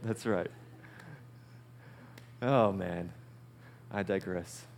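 A male pastor preaching a sermon in an animated way, often asking his listeners questions. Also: low-pitched, drawn-out words, a little hiss or hum. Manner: animated, asks the audience questions.

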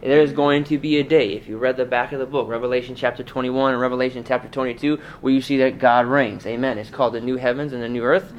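A man's voice: medium pitch, fairly even intonation, fast talker, hardly any pauses, dull audio. A male pastor preaching a sermon in a conversational way, asking the congregation rhetorical questions.

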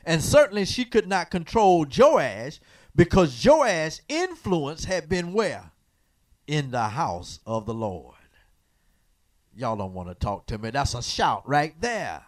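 In a church sanctuary, a pastor teaches from the Bible in call-and-response fashion, his high, sing-song voice swinging widely in pitch as he takes his time. Teasing and preacherly, he keeps nudging the congregation to fill in the words.

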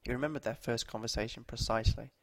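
A man narrating short stories aloud at a measured, steady pace. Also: medium pitch, creaky, no echo.

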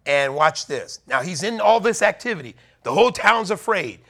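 A male preacher with a high, bright voice and some vocal fry delivers an animated sermon at a moderate pace. He retells scripture dramatically, taking on the voices of worried townspeople issuing warnings and calling out directly to his listeners.

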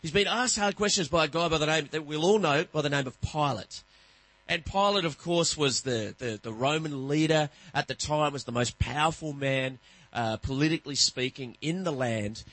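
A middle-aged man preaching a sermon, telling stories and acting out voices with lively energy. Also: on the high side, normal speed, dry recording, poor audio. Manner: animated, acts out voices in anecdotes. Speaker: pastor. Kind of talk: sermon with storytelling.

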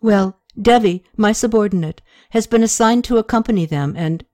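An uneasy young prince reports his worries, hesitant but earnest, read by a woman narrator who keeps her own voice. The sound is mellow and close-miked dry. It is audiobook character reading. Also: mid-range voice, normal speed, no room sound, pitched above the performer's own voice, close to an everyday voice.

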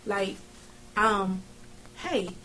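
A woman co-hosting a casual chat show, joking around with loud laughs and playful bits. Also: mid-range voice, extremely slow, noisy background. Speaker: co-host. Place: studio.

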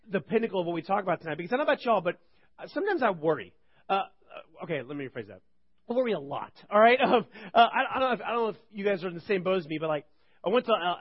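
A man in his thirties preaching to a church group, telling funny stories in an animated, rambling way. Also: high-pitched, breathy edge. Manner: animated, joking, rambling with restarts. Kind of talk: humorous sermon storytelling. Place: church service. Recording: dull lo-fi recording.

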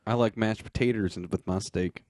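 A man's voice: on the low side, fairly even intonation, a little fast, a little mellow, dry recording, studio quality. A man co-hosting a podcast, recapping a reality TV episode in loose, jokey casual chat. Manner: loose, jokey, acts out quotes. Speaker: podcast co-host.

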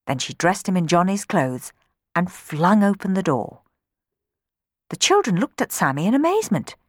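A woman reading a children's storybook aloud in an expressive way, changing her voice for the characters. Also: fairly low pitch, moderate pace, no echo, studio quality.

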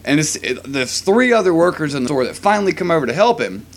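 A man's voice: on the high side, very animated, fast. A man telling a story in casual chat as a podcast co-host, laughing often and acting out the people he quotes.

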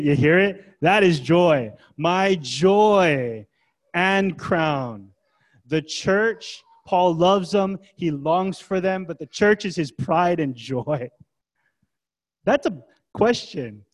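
Casual, questioning pastor mid-sermon. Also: male voice, fairly high pitch. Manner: casual, conversational preaching with rhetorical questions. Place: church gathering.

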